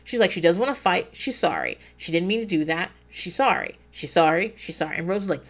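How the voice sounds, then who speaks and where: A woman's voice: on the low side, animated, a little fast, few pauses. Woman in her forties, podcast host, casual chat, swears a lot, wanders off topic, laughs at herself. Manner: digressive, profane, laughs at herself. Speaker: podcast host recapping a reality show.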